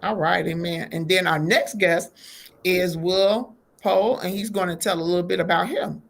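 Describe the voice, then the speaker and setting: A woman's voice: fairly low pitch, fairly even intonation, moderate pace, creaky. A woman hosting a faith-based talk show, greeting her guests and affirming them with an "amen.".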